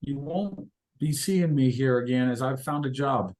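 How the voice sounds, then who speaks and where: An earnest, grateful middle-aged woman, read by a man in his own voice. Her thanks come out plain and unforced at an ordinary pitch. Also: a little slow, a little mellow, natural voice.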